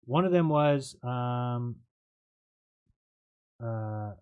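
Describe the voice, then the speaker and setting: Male live-stream host, mid-pitched, sarcastic rambling rant, dry close mic. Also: animated, drawn-out words, clean tone, no echo, dull audio. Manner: sarcastic, rambling, mocking quotes. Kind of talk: casual ranting monologue.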